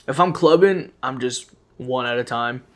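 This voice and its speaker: A man's voice: mid-range voice, normal speed. A young man co-hosting a podcast, recounting things loosely in casual chat. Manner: relaxed, loose retelling with fillers and laughs. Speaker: podcast co-host.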